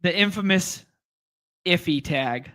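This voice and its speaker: A man's voice: high-pitched, lively intonation, slow pace, fairly bright tone. A man hosting a casual fantasy sports live stream, rambling and joking as he reads out chat comments and talks through picks. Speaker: fantasy sports podcast host.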